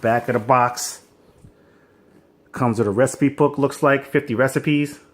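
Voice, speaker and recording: At home, a man unboxes a kitchen appliance while filming on a phone set on a wobbly stand, talking in a casual, rambling way. His laid-back, slangy delivery has a medium pitch, a steady tone, and a measured pace, in the style of an unboxing vlogger.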